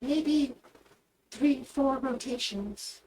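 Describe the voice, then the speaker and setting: A woman voicing a small, kindly female army lieutenant who speaks gently and without hurry. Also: high voice, very slow, noisy background, voice pushed up, full character voice.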